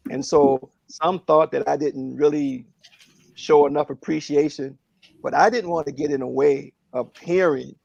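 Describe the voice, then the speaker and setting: A man speaking earnestly and reflectively on a phone prayer line, in a halting way with many fillers. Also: a little high, fairly even intonation, vocal fry, darkish tone, no echo, highs cut off.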